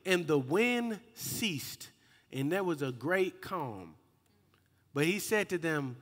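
A young man preaching a slangy, call-and-response youth sermon, rising into shouts. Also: a little high, slow pace. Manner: lively and slangy, calls out to the crowd and rises to shouts. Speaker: youth minister. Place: hall with a youth group. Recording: echoey hall with long reverb.

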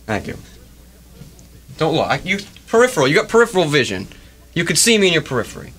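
A man hosting a comedic radio show, his voice bright and a bit high, swinging all over in pitch as he rants. He plays up exasperation and mock despair in loose studio banter on the mic. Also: very animated, fast, slightly rough. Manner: mock-melodramatic, exasperated ranting. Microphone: studio microphone.

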